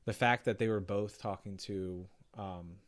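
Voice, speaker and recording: A man's voice: lowish voice, steady tone, measured pace. A young man co-hosting a casual movie podcast, rambling with restarts, laughing often and acting out film lines. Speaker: podcast co-host. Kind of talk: casual chat.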